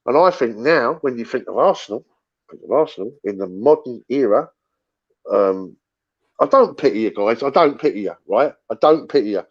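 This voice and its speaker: A middle-aged man holds forth in casual fan-show chat, circling back and repeating himself, with the odd swear word. His mid-pitched voice arrives slightly dull over online call audio. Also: lively intonation, moderate pace, breathy edge. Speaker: football fan panelist.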